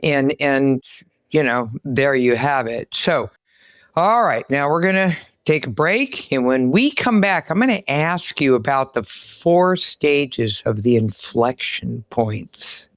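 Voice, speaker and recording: A woman hosting a podcast interview, an animated, exclamatory storyteller. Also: extremely low pitch, takes it slowly, no echo, studio quality. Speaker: podcast host. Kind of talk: lively interview chat.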